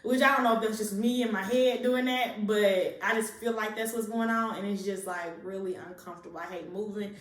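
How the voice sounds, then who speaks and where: A young woman shares a pregnancy update in a vlog, chatting casually to camera in a mid-range, steady voice at a fairly quick pace with few pauses. She sounds a little short of breath and rambles with lots of fillers. The room is echoey and the mic distant.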